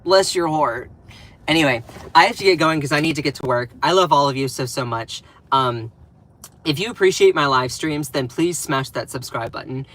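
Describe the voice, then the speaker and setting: A man's voice: fairly high pitch, a little fast, a bit bright. A man with a Southern US accent giving casual live-stream commentary, emphatic and repeating phrases for stress.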